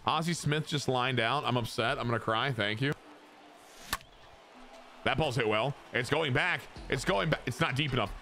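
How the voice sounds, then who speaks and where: A young man giving joking, excitable commentary on his own gameplay to his chat, with sudden shouts. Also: mid-range voice, moderate pace, creaky, long pauses. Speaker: gaming streamer.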